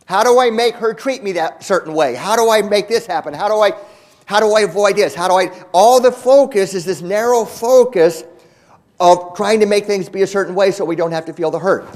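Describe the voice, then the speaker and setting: A man giving a motivational keynote talk to a large audience, earnest and emphatic, repeating words and slowing down for key points. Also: sits high, darkish tone. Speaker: keynote speaker. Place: large conference hall.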